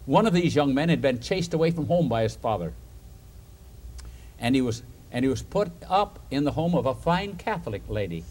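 A man preaching a storytelling sermon, an animated storyteller who chuckles between points and puts questions to his listeners. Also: mid-range voice, moderate pace.

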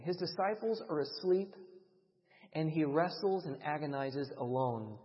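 A man preaching a sermon with dramatic delivery that swings between loud emphasis and hushed lines. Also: on the high side, measured pace. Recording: dull, reverberant hall sound.

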